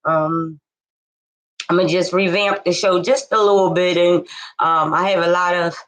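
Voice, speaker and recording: A woman's voice: on the low side, steady tone, unhurried, a bit bright, poor audio. A woman from hosting her own inspirational talk show on a live stream, chatting nervously with lots of fillers and restarts. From Philadelphia. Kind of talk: casual live-stream chat.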